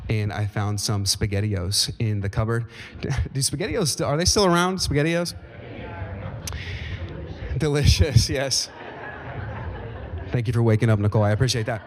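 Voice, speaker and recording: A man in his thirties preaching a sermon as pastor, with emphatic rises and folksy asides to the congregation. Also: medium pitch. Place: church sanctuary. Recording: long hall reverb.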